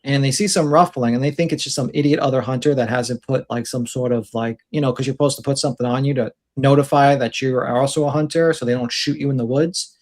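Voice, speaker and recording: A man's voice: medium pitch, fairly even intonation, quick pace, few pauses, a little mellow. Rambling man telling stories on a stream. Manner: rambling storyteller, gives advice. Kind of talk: casual chat.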